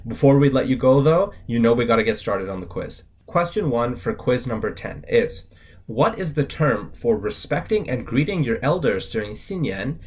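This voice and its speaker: A man's voice: medium pitch, expressive, moderate pace, darkish tone, slightly rough. A man co-hosting a scripted language lesson, spelling out words letter by letter with their tones in a casual, upbeat way.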